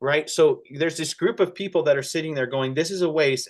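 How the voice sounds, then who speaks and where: A pastor speaks in a conversational church discussion, earnest and halting, often starting over as feeling rises in his voice. His pitch sits on the high side.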